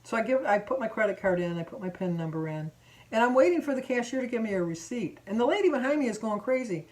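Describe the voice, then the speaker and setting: A woman's voice: on the high side, animated, quick pace, a little mellow. A middle-aged woman from Michigan in a casual vlog, chattily retelling a run-in at a store checkout in an indignant, talkative way. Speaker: vlogger.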